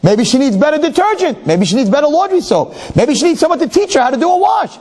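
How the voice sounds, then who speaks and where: A man's voice: extremely high pitch, very animated, quick pace, a little mellow, voice pushed up. A man voicing a young newlywed wife who keeps criticizing a neighbor's laundry, in an indignant, exclaiming manner. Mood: scandalized.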